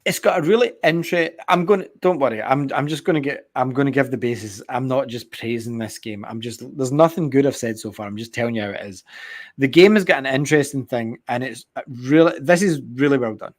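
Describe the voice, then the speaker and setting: A man chats casually about a video game as a co-host. He rambles, swears freely and tells the story in an animated way, at a middling pitch for a man. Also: fairly quick. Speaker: podcast co-host.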